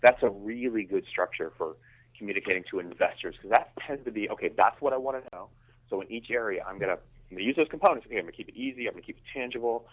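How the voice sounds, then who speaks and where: A man's voice: lowish voice, racing. Male guest heard over a thin, phone-like line, emphatic and self-restarting. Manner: emphatic, repeats words when starting sentences. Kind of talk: conversational business interview.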